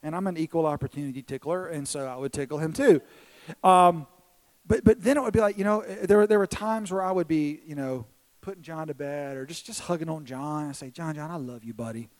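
Man, 30s, pastor, sermon, earnest, self-deprecating, frequent restarts, slightly high voice, church stage. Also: steady tone, a little fast, darkish tone, poor audio.

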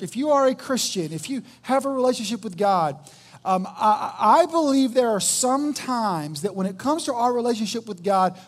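A man preaching a sermon as pastor, telling a story with acted quotes and halting restarts. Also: sits high.

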